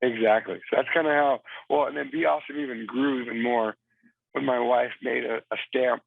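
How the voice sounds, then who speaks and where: Gravelly man on a tinny phone line. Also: medium pitch, fairly even intonation, a little fast, dry recording. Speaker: guest, Marine veteran. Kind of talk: phone-in interview. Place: cabin in Virginia.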